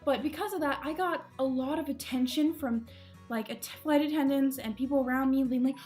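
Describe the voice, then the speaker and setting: A woman's voice: high-pitched, brisk, a little mellow, soft background music. A young woman casually telling embarrassing travel stories to camera, chatty and self-deprecating, laughing often. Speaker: vlogger.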